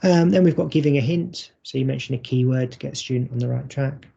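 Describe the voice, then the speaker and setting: A man giving a recorded teaching workshop, talking in a measured, explanatory way. His voice is dark and a little husky, with some gravel at the ends of phrases. The audio is dull and lo-fi. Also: mid-range voice. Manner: measured, explanatory, many ums. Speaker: university English teacher. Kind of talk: recorded conference workshop presentation.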